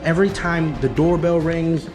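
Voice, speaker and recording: Emphatic male dog trainer, higher voice. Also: moderate pace, music in the background. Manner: emphatic, repetitive teaching, acts out excited praise. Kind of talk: in-home consultation.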